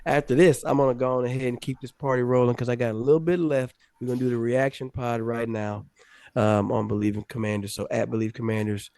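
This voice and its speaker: A man's voice: mid-range voice, fast talker, no room sound, studio quality. A man guest on a casual sports podcast, telling jokey stories. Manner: animated, jokey storytelling. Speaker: guest, former pro football player.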